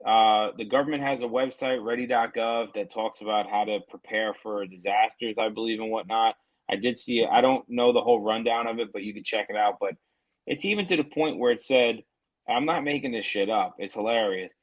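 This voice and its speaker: A man's voice: fairly low pitch, fairly even intonation, fairly quick, highs cut off. A man co-hosting a casual podcast over a remote call, ranting with profanity and mocking quotes. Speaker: podcast co-host.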